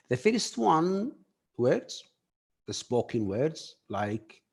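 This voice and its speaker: Man, workshop trainer, slow delivery, hesitant with many fillers, talks to the group directly. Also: fairly high pitch, sing-song, a little mellow, breathy edge. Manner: halting, filler-heavy, addresses audience directly. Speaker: communication skills trainer.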